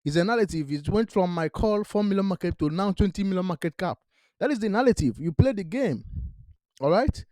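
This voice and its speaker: A crypto channel host with a high-pitched, animated, brisk, slightly mellow voice talks investments straight to the camera. The recording is dry, and he repeats himself emphatically, checks in with "all right?", and uses non-native grammar.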